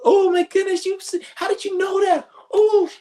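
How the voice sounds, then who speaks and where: A man mocking a gullible grown man who gushes in shrill, breathless gasps. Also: flat delivery, normal speed, dark tone. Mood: gushing awe.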